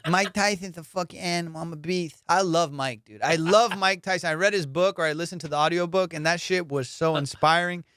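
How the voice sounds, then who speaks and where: Profane, animated comedian host. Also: male voice, a little high, brisk, few pauses, smooth, no echo, studio quality. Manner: profane, animated storytelling, laughs often. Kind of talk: casual chat.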